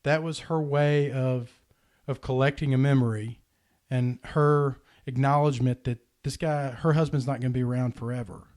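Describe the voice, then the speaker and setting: A man telling a heartfelt personal story in a casual podcast chat, earnest and animated. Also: medium pitch, moderate pace. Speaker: podcast host.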